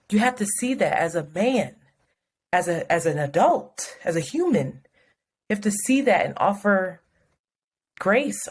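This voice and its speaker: A woman co-hosting a podcast in casual chat, telling a story frankly and with plenty of swearing. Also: mid-range voice. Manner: frank, profane, animated storytelling. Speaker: podcast co-host.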